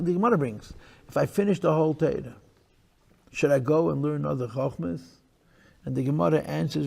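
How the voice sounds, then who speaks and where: A man speaking as a rabbi, lecturing to listeners in a room, emphatic and repetitive, swinging between loud bursts and hushed lines. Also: a little high, creaky, husky. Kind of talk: lecture to a live audience.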